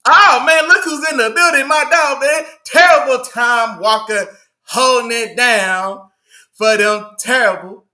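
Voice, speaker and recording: High, bright-voiced hype man hosting. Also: unhurried. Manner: slangy, hypes up the live chat, repeats himself. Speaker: sports show host. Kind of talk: casual livestream sports talk.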